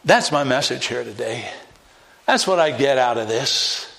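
A man's voice: medium pitch, animated, unhurried, gravelly, sharp tone. A man preaching an evangelistic sermon, pressing listeners with direct questions and rising to emphatic peaks.

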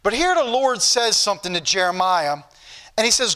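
A man's voice: very high voice, expressive, fairly quick, pushed and bright. A man preaching a Sunday school sermon, earnest and rising to fervent questions, with old-fashioned scripture phrasing.

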